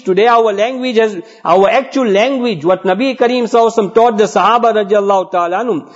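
A man preaching a sermon to elders and friends, telling a story and exhorting earnestly. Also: high voice. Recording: dull lo-fi recording.

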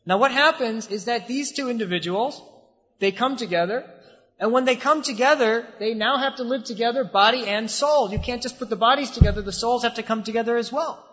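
A high-pitched man preaching a sermon, building his points through repetition and rhetorical questions. His voice carries a long reverb from a large mosque hall. The recording sounds slightly muffled. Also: fairly quick, a bit bright.

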